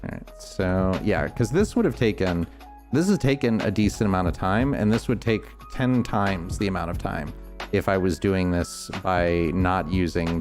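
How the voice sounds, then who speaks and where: A man with a Northeastern US accent chatting casually while playing a game, talking in a rambling, thoughtful way with lots of restarts. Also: low voice. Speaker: streamer. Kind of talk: casual gameplay chat.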